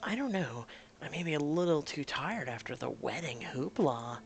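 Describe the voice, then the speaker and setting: A man voicing an emotional, hesitant young bride in a story game, raising his voice higher and keeping it soft. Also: lively intonation, moderate pace, faint music behind. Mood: unsure.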